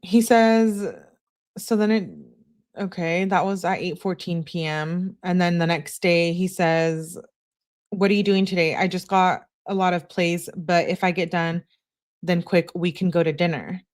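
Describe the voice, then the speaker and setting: Young female true crime commentator, lowish voice, reads messages aloud and cuts in with blunt, scornful remarks. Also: fairly even intonation, unhurried, a little mellow.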